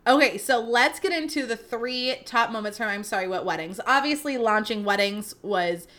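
A woman's voice: fairly high pitch, normal speed, a bit bright. A young woman hosting her own podcast, telling a story in a chatty, self-deprecating way and swearing freely. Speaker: podcast host. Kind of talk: casual storytelling monologue.

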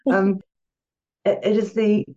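New Zealand woman guest, warm dark tone, gentle and spiritual, muffled remote line. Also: mid-range voice, level tone, slow. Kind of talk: reflective conversational chat.

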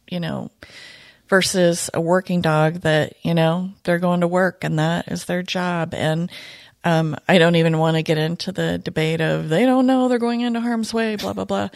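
A woman, a retired police dog handler, talking reflectively in a casual podcast conversation, pausing often. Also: on the low side, steady tone, vocal fry, no room sound, studio quality. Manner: reflective, soft-spoken, many pauses and fillers.

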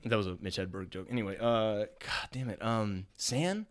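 Young male podcast cohost, halting speech with lots of ums and cursing, bursts of excitement. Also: fairly low pitch. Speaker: podcast co-host. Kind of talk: casual podcast chat.

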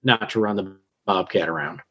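A man's voice: deep voice, moderate pace, fairly bright tone, husky, dull audio. A man co-hosting a casual podcast, easygoing, with a dry joking manner. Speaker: podcast co-host. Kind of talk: casual chat.

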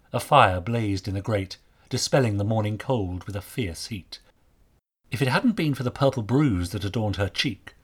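A male narrator reading a period mystery aloud. His low, slightly husky voice rises and falls a lot, giving the telling an expressive, storybook lilt. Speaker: audiobook narrator.

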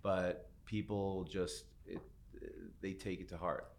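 Deep-voiced male host, chatty and rambling, sets up hypotheticals. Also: steady tone, slow, a little hiss or hum. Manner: rambling questions, acts out little scenes, laughs easily. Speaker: podcast host. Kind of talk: casual interview chat.

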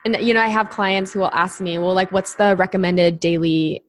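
Lady podcast coach, lowish voice, chatty, lots of likes and ums. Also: normal speed. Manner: chatty, explanatory, many fillers. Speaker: podcast co-host, nutrition coach. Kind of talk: casual podcast chat.

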